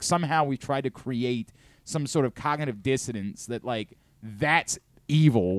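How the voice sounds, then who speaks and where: A middle-aged man hosting a sports talk show, ranting and gushing in a casual, profane, excitable way. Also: mid-range voice, clear, resonant tone, no room sound, clean studio sound. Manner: animated, profane, rapid swings between excitement and rant. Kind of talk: casual sports radio chat.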